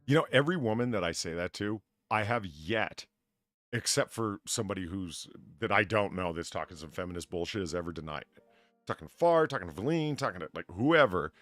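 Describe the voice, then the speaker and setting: Animated low-voiced male podcast host. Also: fairly quick, no echo, clean studio sound. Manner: animated, laughing, lots of fillers. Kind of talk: casual chat on a livestream podcast.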